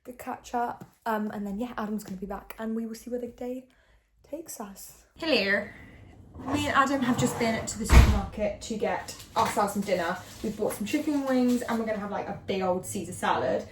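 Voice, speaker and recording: A young woman talks to a handheld camera at home in a loose, rambling vlog style, filling gaps with ums and small laughs. Her voice sits at a middle pitch for a woman. A faint hiss runs under the recording. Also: fairly quick. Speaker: vlogger. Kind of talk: casual chat.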